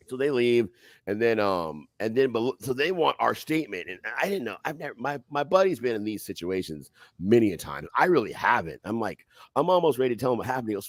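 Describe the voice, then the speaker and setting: Gravelly, animated man telling a brawl story. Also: medium pitch, fairly quick, no room sound, clean studio sound. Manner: animated, profane, acts out voices loudly. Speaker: podcast guest telling a fight story. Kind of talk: casual storytelling.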